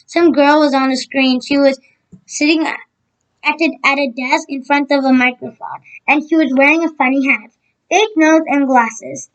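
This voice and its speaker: A woman with a high voice reads a children's book aloud. She trips over words, restarts, and breaks off for casual asides. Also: steady tone, moderate pace, low-quality recording. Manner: stumbles over words, adds side comments. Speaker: reader.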